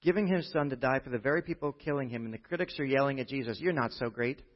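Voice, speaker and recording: A man preaching a sermon to a church congregation, chatty and full of rhetorical "right?" checks, dropping from loud emphasis to quiet asides. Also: mid-range voice, rapid-fire. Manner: conversational, with frequent rhetorical "right?". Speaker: pastor. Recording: dull, muffled lo-fi recording.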